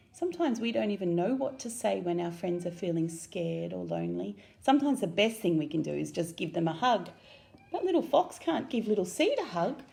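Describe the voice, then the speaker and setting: Australian lady reading a kids picture book, slow and really lively, asks the kids stuff. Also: medium pitch, gravelly. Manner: animated, asks listeners questions. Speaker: children's story reader.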